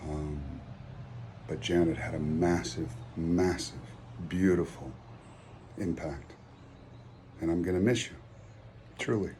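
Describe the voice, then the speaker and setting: A man, a former student, giving a heartfelt personal tribute in a halting way, with fillers and pauses. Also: deep voice, fairly even intonation, dark tone. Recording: background noise.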